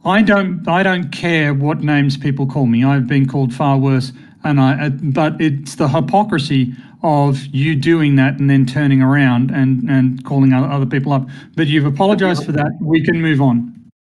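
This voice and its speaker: A man's voice: on the high side, fairly even intonation, normal speed, a little mellow. A man in a heated online debate, pressing his points insistently with stammering restarts. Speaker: debate participant on voice chat.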